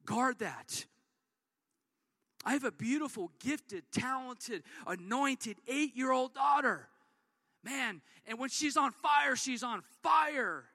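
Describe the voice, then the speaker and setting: High-voiced energetic male preacher. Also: takes it slowly, dry recording, clean studio sound. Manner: energetic, repetitive, conversational preaching. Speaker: pastor. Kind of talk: sermon.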